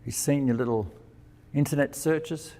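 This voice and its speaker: A man's voice: medium pitch, moderate pace, warm tone. A man giving a conversational sermon. He asks questions and answers them himself, and he acts out the quoted lines of dialogue with changes in his voice. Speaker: preacher and teacher. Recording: long reverb of a hall.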